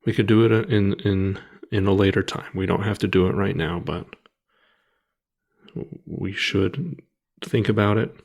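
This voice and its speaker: A man in his thirties, a podcast co-host, telling a personal story in a halting, grieving way with many restarts and pauses. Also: fairly low pitch, creaky, breathy edge.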